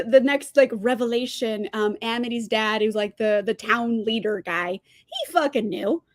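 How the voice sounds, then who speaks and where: A woman's voice: high-pitched, no room sound, clean studio sound. A young woman hosting a casual live-stream book review, ranting in exasperation, swearing freely and laughing often. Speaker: book channel host. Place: indoors at home, sipping from a mug.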